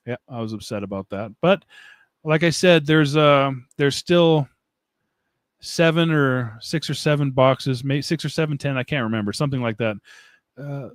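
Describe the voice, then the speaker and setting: Recorded in studio quality with no echo on a desk mic streaming setup, a medium-pitched man hosts a casual live stream. He rambles, pokes fun at himself, and laughs a lot as he responds to chat.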